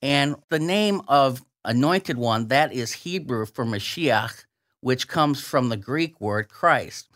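A man guest on a radio talk show, walking through scripture verses at a deliberate, emphatic pace. His voice sits in an ordinary middle register. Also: mid-range voice, expressive, fairly bright tone.

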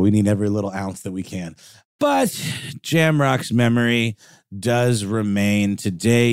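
A man co-hosting a history podcast in a chatty, halting way, often restarting his sentences. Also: lowish voice, a little mellow, no echo, studio quality. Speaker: podcast co-host. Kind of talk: casual history podcast chat.

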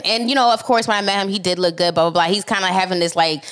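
A woman's voice: medium pitch, fast, hardly any pauses, clean tone. A woman in her thirties from Philadelphia with a Philly accent, co-hosting a casual chat and telling stories with lots of laughter and swearing. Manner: animated storyteller, swears freely, laughs often. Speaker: podcast co-host.

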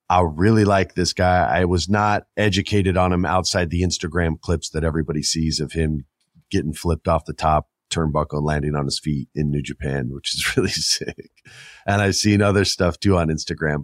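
A man's voice: low-pitched, no echo, clean studio sound. A man hosting a podcast in casual chat, rambling and talking straight to his listeners. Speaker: podcast host.

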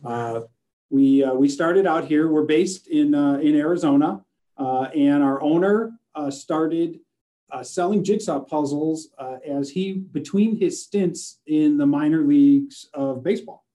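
A man's voice: fairly high pitch, measured pace, dark tone. A man speaking as a sales manager and guest in a casual interview from his office, friendly and full of fillers. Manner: friendly, filler-heavy with many uh's.

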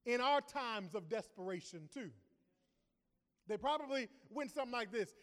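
A man preaching a sermon, emphatic, swinging from loud declarations to hushed asides. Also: very high voice, animated, measured pace, pauses often. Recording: long reverb of a large hall.

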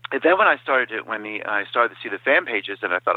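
A man guesting on an interview, telling stories in a lively way and dropping into quoted impressions. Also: on the low side, quick pace, no echo. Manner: animated storyteller who slips into quoted impressions. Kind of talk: casual interview over the phone. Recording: dry, tinny phone-line sound.

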